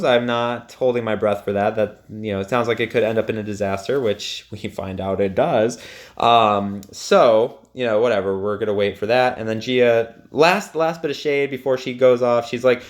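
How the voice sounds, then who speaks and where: A man's voice: lowish voice, a little fast. A young man giving a casual, opinionated recap of a TV episode, chatty and full of ums and likes. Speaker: TV recap reviewer.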